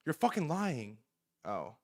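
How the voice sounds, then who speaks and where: A young man doing casual livestream commentary, excitable, swearing often, repeating himself and talking straight to his chat. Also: on the high side, slow pace. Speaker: streamer reacting to news.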